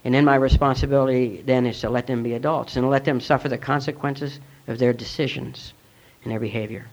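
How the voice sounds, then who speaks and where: A man's voice: medium pitch, fairly even intonation, brisk. A middle-aged man giving a personal testimony at a recovery meeting, earnest and reflective as he tells his story. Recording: dull lo-fi recording.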